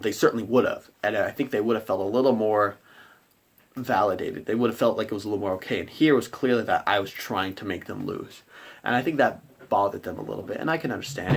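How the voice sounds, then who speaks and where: A man's voice: lowish voice, gravelly, slightly rough. Chatty man recapping his game session. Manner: rambling and conversational, acting out players' reactions. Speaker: game master.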